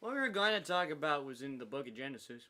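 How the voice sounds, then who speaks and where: Playful podcast host, a man, bright and animated, laughs often. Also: medium pitch, quick pace. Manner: laughs often, playful, steering the talk back to topic. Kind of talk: casual faith podcast chat.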